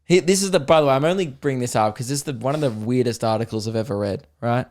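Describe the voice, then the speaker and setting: A young Australian man hosting a comedy podcast, ranting in a profane, animated way and laughing often. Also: mid-range voice, fast talker. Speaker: podcast host.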